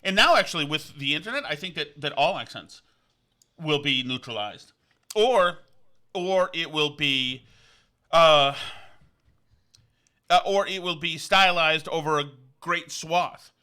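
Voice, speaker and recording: A man from Vermont rambles through a casual podcast chat, circling back on himself with plenty of restarts and fillers. His voice is very bright and forward, sitting a little high for a man. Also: lively intonation, clean tone. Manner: halting, many restarts and fillers, digressive. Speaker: podcast host. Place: on location, indoors.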